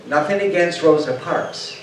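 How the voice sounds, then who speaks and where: An older man giving a storytelling talk to an audience, a lively speaker who acts out quotes and puts questions to the room. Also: fairly high pitch, normal speed, a little hiss or hum. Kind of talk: storytelling lecture. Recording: roomy hall sound from far off.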